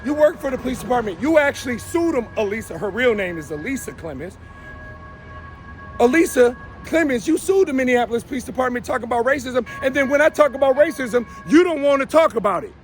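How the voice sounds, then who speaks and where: Soft background music plays as a show host, outdoors on a downtown street, launches into a fiery, confrontational live rant and calls people out by name. His very high voice is very animated and fairly quick.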